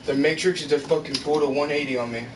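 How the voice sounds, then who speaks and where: Exasperated cursing man, high voice, roomy. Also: steady tone, fast. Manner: frustrated, swears constantly, exasperated. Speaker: gaming channel vlogger. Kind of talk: casual rant to camera. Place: bedroom at home. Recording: roomy, far from the mic, noisy background.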